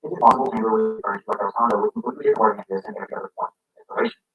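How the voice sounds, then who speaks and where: A man's voice: fairly low pitch, huge pitch swings, rapid-fire, breathy edge, dull audio. A man reading scripted commentary and building his case through rhetorical questions. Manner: argumentative, poses rhetorical questions. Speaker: commentary narrator.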